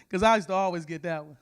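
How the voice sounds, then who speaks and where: A woman speaking at a church women's conference, giving a personal testimony in an emphatic, informal storytelling way. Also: lowish voice.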